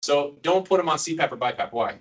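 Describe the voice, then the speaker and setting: A man with a fairly high, expressive voice speaks briskly and a little brightly, sitting far from the mic. He's a neurosurgeon giving an informal teaching lecture to ICU staff, quizzing the room and cracking jokes along the way.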